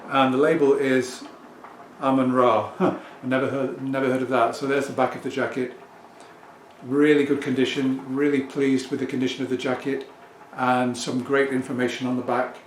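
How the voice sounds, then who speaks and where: Middle-aged English man, record vlogger, chatty and self-assured, mid-pitched voice, echoey home room. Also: little pitch movement, normal speed. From England. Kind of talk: casual talk to camera. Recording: echoey room with faint ambient noise.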